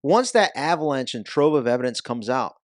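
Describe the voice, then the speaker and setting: A man's voice: mid-range voice, lively intonation, fairly quick, dry recording, studio quality. A man talking as a podcast guest in a casual interview, with an emphatic, punchy delivery.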